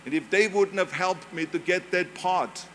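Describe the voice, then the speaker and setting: An older man with a strong German accent speaks at a commencement podium, his voice sitting a little high. He tells his story with emphatic repetition. Faint background noise runs under the speech. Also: normal speed, a bit bright. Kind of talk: motivational speech. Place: large graduation ceremony venue.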